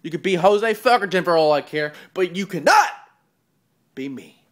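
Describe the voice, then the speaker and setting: A man delivering a profane wrestling-style promo rant, taunting and mocking, swinging between loud jeers and low mutters. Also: lively intonation, normal speed. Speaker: online wrestling promo host.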